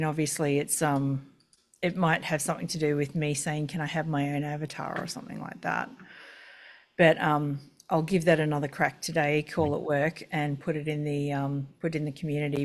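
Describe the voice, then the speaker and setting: A woman hosting a casual video call, chatty and rambling, with lots of fillers. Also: low voice. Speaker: webinar host.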